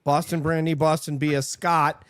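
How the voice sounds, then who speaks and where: A man's voice: a little high, flat delivery, normal speed, smooth, no echo, studio quality. A man hosting a livestream call, joking about himself and hyping up guests in casual chat. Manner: jokey, self-deprecating, hypes guests. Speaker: stream host and producer. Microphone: online video call.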